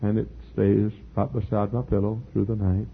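Older male preacher, folksy sermon, deep gravelly raspy voice, tinny phone-like sound. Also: flat delivery, moderate pace. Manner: folksy storytelling, earnest.

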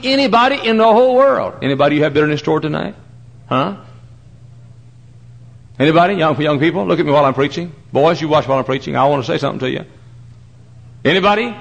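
Man, pastor, sermon, fairly high voice, emphatic, repeated questions, hushed to loud. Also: creaky. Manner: swings from hushed asides to loud preaching. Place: large church with balcony.

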